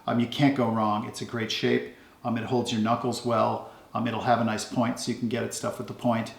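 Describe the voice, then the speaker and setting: A man talks through his kitchen knives in a loose, rambling way, filling his pauses with ums. His voice is gravelly and sits at an ordinary pitch. The sound bounces around a roomy home kitchen. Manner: relaxed, rambling, many ums. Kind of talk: casual show-and-tell.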